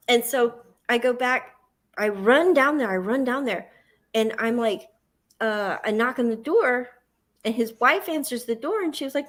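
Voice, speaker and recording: A woman's voice: fairly high pitch, moderate pace. A woman with a Southern US accent, hosting a livestream and telling a long personal story, acting out her own panic in the quoted parts. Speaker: host.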